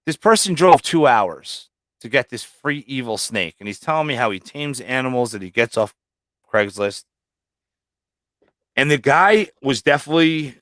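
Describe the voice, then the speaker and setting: A man in casual livestream chat, loose and profane, telling stories about his snakes with lots of cursing. He throws himself into acting out quotes. His voice sits at an ordinary pitch and sounds dry and close, with no room around it. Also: dry recording. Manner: profane storyteller, acts out quotes loudly. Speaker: livestream guest, snake breeder.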